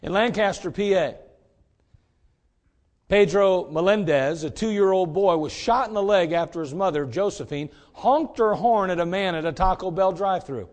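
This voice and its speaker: A man preaching a sermon in a folksy, direct way, swinging between loud emphasis and quiet asides. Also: sits high, normal speed.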